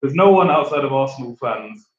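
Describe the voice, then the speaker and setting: A man's voice: mid-range voice, lively intonation, a little fast. A young man from England with a London accent, co-hosting a casual football watchalong and joking and laughing often. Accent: London English. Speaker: fan channel co-host. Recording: roomy, distant, dull lo-fi sound.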